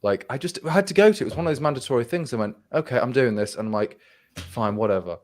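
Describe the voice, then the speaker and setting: On a video call, a young Englishman with an English accent tells a wry story in casual chat. His mid-range voice has lively intonation and he talks fast, with many restarts and quoted back-and-forth.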